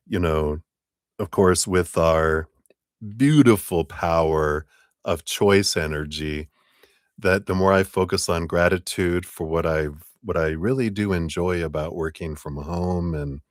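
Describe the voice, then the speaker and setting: A man giving a relaxed, chatty tarot reading on a live stream, thanking donors and using spiritual wording. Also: deep voice, dry recording, studio quality. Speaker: tarot reader. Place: home.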